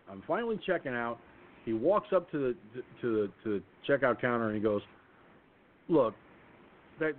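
A man hosting a call-in radio show, telling a rambling anecdote in a casual, animated way with many restarts. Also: mid-range voice, slight background noise. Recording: tinny phone line.

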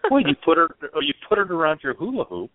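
A man with a fairly high, very animated voice talks fast as he co-hosts a motorcycle radio show. He cracks jokes loosely and casually, often stumbling and restarting. The audio is dry and narrow-band like a phone line, with no room sound.

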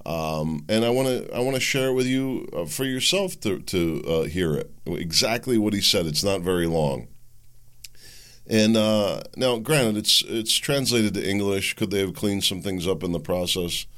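A man's voice: lowish voice, expressive, normal speed, fairly bright tone. A man hosting a political commentary podcast, talking casually and sarcastically, mocking the voices of his opponents. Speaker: podcast host.

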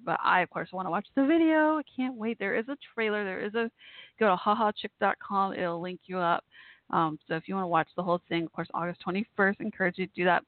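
Her voice sits on the low side as she hosts a casual live call-in show, chatting in a friendly, rambling way full of fillers and restarts. The sound is tinny, like a phone line, and dry.

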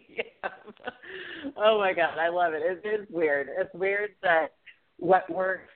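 A woman's voice: on the low side, slow pace, long pauses, slight background noise. A woman co-hosting a podcast in casual chat, who laughs often and agrees eagerly. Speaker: podcast co-host. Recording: tinny phone-like sound.

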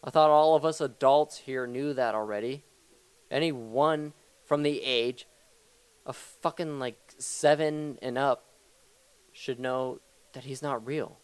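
A young man rants his way through a mock-serious comedy monologue, swearing freely and wandering off track. He talks slowly and loosely, as if thinking aloud. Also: medium pitch, steady tone, clear, resonant tone, no echo. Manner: rambling, profane, mock-serious. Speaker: comedy talk show host. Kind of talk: improvised comedy rant.

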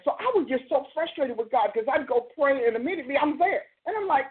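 A woman's voice: high-pitched, lively intonation, fast talker, few pauses. Woman preaching over a tinny phone line. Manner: emphatic, repeats phrases for stress. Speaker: preacher and show host. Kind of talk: conversational preaching.

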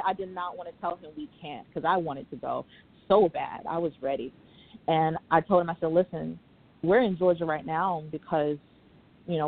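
A young woman calling in to a talk show, speaking haltingly and fighting back tears. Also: lowish voice. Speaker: caller. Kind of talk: emotional call-in. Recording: tinny phone line.

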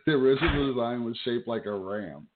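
A man's voice: mid-range voice, animated, fairly quick. A man co-hosting a podcast who reads quiz questions aloud and chats loosely between them. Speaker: podcast co-host, quizmaster. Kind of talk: casual chat, reading quiz questions. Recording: tinny phone-like audio with clear noise.

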